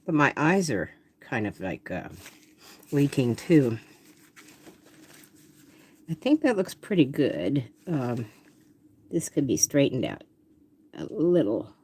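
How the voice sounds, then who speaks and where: A woman's voice: extremely low pitch, big pitch swings, slow, long pauses, darkish tone, slightly rough. An older woman artist who chats casually and talks to herself while she demonstrates drawing.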